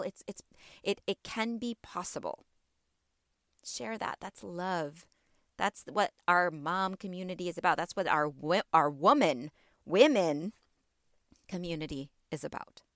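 A woman's voice: lowish voice, measured pace, a bit bright, no room sound, studio quality. A woman hosting a wellness podcast, speaking encouragingly and directly to her listeners. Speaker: podcast host.

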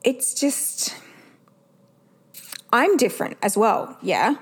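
A woman's voice: on the high side, big pitch swings, slow, husky. A woman, hosting a podcast and chatting candidly, swearing freely. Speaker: podcast host. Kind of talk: casual solo podcast chat.

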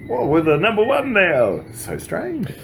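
A man's voice: high-pitched, wildly swooping pitch, unhurried, gravelly, a little hiss or hum. A man co-hosting a casual podcast chat about a film, full of wry jokes and teasing asides. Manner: wry, jokey asides, swoops his voice widely. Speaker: podcast co-host.

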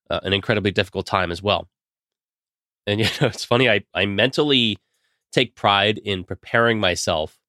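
Earnest podcast host with a cold. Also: male voice, fairly low pitch, sharp tone, no room sound, clean studio sound. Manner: earnest, heartfelt, speaks directly to listeners. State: getting over a cold. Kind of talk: solo podcast monologue.

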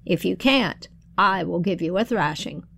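A woman's voice: fairly low pitch, lively intonation, measured pace, gravelly, fairly bright tone, slightly rough, full character voice. A woman putting on a menacing old witch. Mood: threatening.

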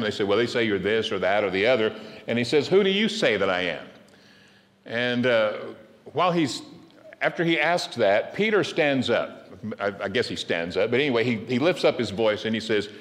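A man's voice: medium pitch, fairly bright tone. Man preaching in an echoing hall. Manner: halting, with many repeated words and fillers. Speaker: pastor. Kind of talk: sermon. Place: church sanctuary. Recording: long reverb of a church hall.

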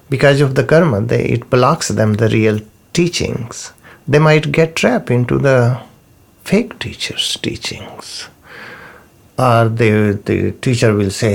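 Slow gravelly man teaching. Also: medium pitch. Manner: unhurried, repeats key terms, non-native phrasing. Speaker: spiritual teacher. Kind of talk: slow spoken teaching talk.

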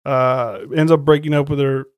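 A man hosts a podcast, recapping a horror film in loose, slangy, profane storytelling full of side remarks. His voice sits at an ordinary middle pitch and sounds dry and close, with no room echo. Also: steady tone, normal speed, clean tone. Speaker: podcast host reviewing horror films. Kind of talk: casual profane chat.

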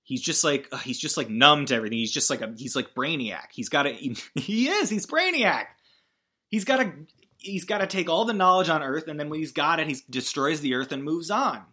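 Bright-voiced man rambling through a film recap. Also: fairly high pitch, brisk. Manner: rambling, animated, acts out quotes, swears. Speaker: podcast host recapping a film.

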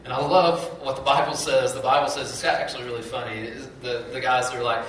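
A man preaching a sermon, telling the story with lively acted-out quotes and frequent repeats and restarts. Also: mid-range voice, fairly quick, hardly any pauses, heavy reverb, distant mic, slight background noise, rough recording. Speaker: pastor.

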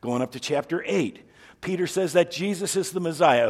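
A man preaching a sermon as a pastor, telling stories with lively energy and acting out the people he quotes. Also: on the high side, normal speed, breathy edge.

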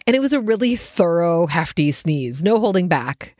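A woman hosting her own show, telling a personal story in a casual, animated way, laughing often and jumping up in pitch when she gets excited. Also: moderate pace, no echo, studio quality. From United States.

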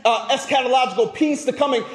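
A male pastor preaching a sermon, emphatic, rising to loud peaks and dropping low at phrase ends, often repeating words as he restarts. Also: fast talker. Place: church sanctuary. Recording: echoey church sanctuary.

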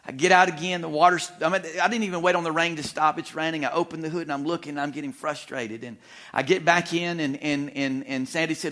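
A middle-aged male preacher tells a story from the pulpit in a lively, self-deprecating way. His voice sits slightly high for a man, and he chuckles often as he talks. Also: brisk. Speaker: guest preacher. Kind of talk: storytelling sermon. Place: church sanctuary.

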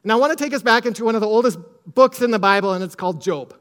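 A male pastor preaching a sermon with emphatic repetition, quoting scripture and telling a family story, sometimes dropping almost to a hush. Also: sits high, animated, rapid-fire.

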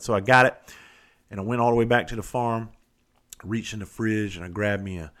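A man's voice: on the low side, fairly quick. A man in his forties with a Southern US accent, telling a rambling, profane story in a casual monologue. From Southern United States. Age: 40s. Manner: profane, animated, rambling and self-interrupting. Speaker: vlogger.

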